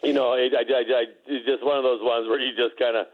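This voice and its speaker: A middle-aged former player tells stories from his career, often laughing and tripping over his own words. His voice sits at a middle pitch and comes through a dull, muffled phone-in line. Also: level tone, fast. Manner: laughing anecdotes, many restarts. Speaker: former basketball player, guest. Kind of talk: casual storytelling interview.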